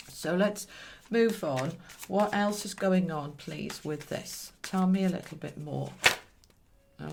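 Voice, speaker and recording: Chatty British woman reading tarot. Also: fairly low pitch. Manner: reassuring, chatty, talks to the cards while drawing. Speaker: tarot reader. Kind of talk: monthly tarot reading to camera.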